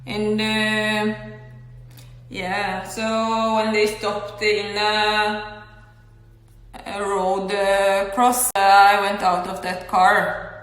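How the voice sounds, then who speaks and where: A woman vlogging an agitated personal monologue, halting with many filler words and breaking into sudden loud outbursts. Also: medium pitch, flat delivery, faint music behind. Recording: echoey room with long reverb.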